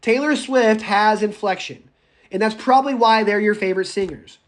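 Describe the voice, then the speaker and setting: A man lectures his college public speaking class over an online chat. He is animated and joking, and he drags single words out slowly to stress them. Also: sits high.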